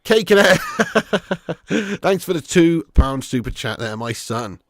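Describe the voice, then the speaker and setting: A man's voice: on the high side, very animated, slow, no echo, studio quality. A man hosting a live football watch-along, chatting casually with his viewers and swearing freely. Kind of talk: live stream commentary and chat.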